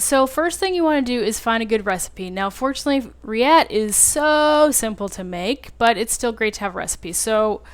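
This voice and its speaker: A woman's voice: a little high, smooth. A woman hosting a casual cooking tutorial, chatty and self-deprecating, with lots of fillers. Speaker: home cooking channel host.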